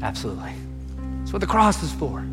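A man's voice: high-pitched, moderate pace, in a large hall, music in the background. A male pastor preaching a sermon, emphatic, repeating refrains and putting direct questions to the congregation. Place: church auditorium.

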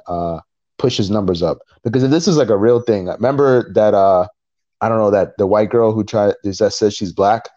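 A man co-hosting a podcast in casual chat, retelling events in an animated way and acting out what people said. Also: on the low side. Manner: animated storytelling, acting out quotes. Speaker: podcast co-host. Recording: dull lo-fi recording.

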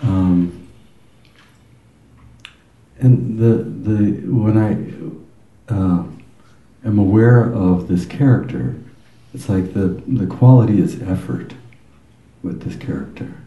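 A man at a retreat speaking haltingly, searching for words with many fillers. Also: fairly low pitch, echoey room, narrow, tinny audio. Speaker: retreat participant.

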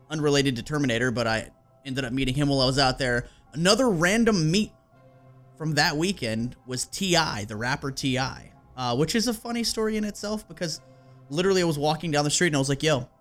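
A man hosting a podcast tells a story in casual chat, animated and laughing, swearing casually and using plenty of fillers. His voice is a little high and fairly quick, with soft background music.

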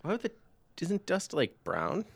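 A man trading quick quips in comedic podcast banter. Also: a little high, wildly swooping pitch, gravelly, slightly rough.

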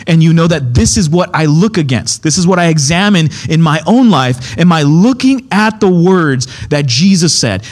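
A man's voice: a little high, a little mellow. A man teaching from the Bible in a conversational sermon, emphatic and repeating his key points. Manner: emphatic, keeps checking in with "okay?". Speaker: preacher.

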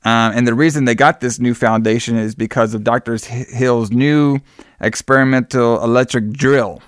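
A man's voice: mid-range voice, fairly even intonation, normal speed, no room sound, studio quality. Man rambling through a casual film recap. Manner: rambling, profane, acts out quotes. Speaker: podcast co-host. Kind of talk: casual film review chat.

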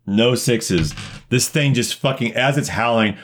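A man's voice: medium pitch, measured pace, music in the background. A man running a tabletop game as game master, narrating combat vividly with plenty of swearing. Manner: vivid, profane, excitable narration.

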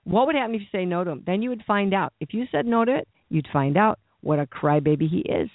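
Talking fast and expressively, this high-pitched man delivers a rambling, conversational sermon full of asides and questions for his listeners. The audio is dry, with a narrow, phone-like quality.

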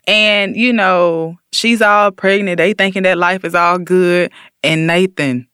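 A man casually retelling a story on a talk show, slangy and animated, acting out the quotes. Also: sits high, measured pace, clear, resonant tone, no echo, studio quality. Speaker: podcast co-host.

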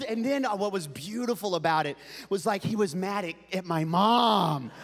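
A man preaching a comic storytelling sermon, animated and building up to shouting. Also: high voice, normal speed, few pauses, in a large hall. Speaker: pastor.

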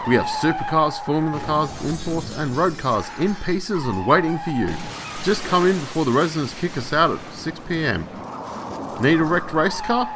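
Wrecker yard ad announcer, done by a man, lively pitch swings, loud noise behind, distant. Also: moderate pace, natural voice. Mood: hard-sell. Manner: hard-sell radio ad delivery.

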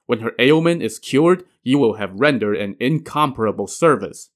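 A cruel, careless tyrant king, as a male storyteller puts him on. He waves things away in an offhand, dismissive manner, in a mid-pitched voice. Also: lively intonation, moderate pace, natural voice. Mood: coaxing.

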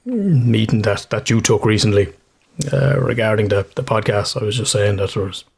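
A man's voice: fairly low pitch, animated, moderate pace, vocal fry, darkish tone, breathy edge. A middle-aged Irish man with a Kildare accent, co-hosting a podcast in casual chat, swearing often and laughing a lot. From Ireland. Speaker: podcast co-host.

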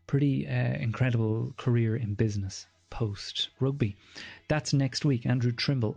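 Irish podcast host, chatty plug read, mellow tone. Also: male voice, mid-range voice. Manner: chatty, plugs events and merchandise.

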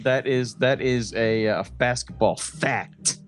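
A man's voice: medium pitch, takes it slowly. A man co-hosting a podcast in casual chat, swearing freely and laughing often as he rambles. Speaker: podcast co-host.

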